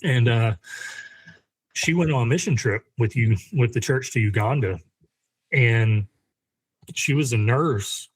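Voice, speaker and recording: A man, a guest on a podcast who leads a men's ministry group, telling personal stories conversationally in an animated, chatty way. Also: medium pitch, measured pace, long pauses, slightly rough, no echo, low-quality recording. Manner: animated, chatty with frequent fillers and laughs. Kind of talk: conversational storytelling.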